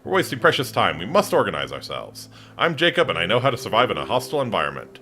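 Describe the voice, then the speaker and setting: A man's voice: fairly low pitch, huge pitch swings, sharp tone, soft background music, full character voice. A man voicing an impatient, arrogant adult male survivalist who talks down to the group, in a survival game. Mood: brusque. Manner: brusque, condescending, fast-talking.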